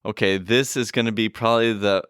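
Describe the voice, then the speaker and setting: A man's voice: lowish voice, fairly even intonation, a little fast, a bit bright, smooth, dry recording, studio quality. A Canadian man co-hosting a podcast, chatting casually and laughing often. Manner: chatty, laughs often, reads lyrics aloud. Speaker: podcast co-host. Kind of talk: casual chat.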